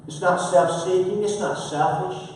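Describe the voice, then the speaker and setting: In a church sanctuary, a high-voiced man preaches an emphatic sermon, repeating phrases while his volume rises and falls. His intonation is fairly even, his pace measured and his tone a little mellow. He's picked up from far off in an echoey hall with slight background noise.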